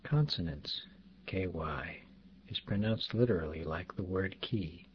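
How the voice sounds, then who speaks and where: Slow, very deep-voiced male teacher. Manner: deliberate, spells out sounds and repeats example words. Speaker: language teacher. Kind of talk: slow pronunciation lesson. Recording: dull lo-fi recording, faint background noise.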